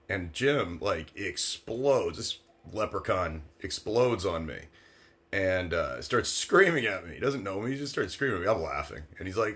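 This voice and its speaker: A man's voice: sits low, normal speed. A man in his thirties, a former sports agent, telling a story from his career in a brash, sarcastic, casual way. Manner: brash, sarcastic, animated when quoting others.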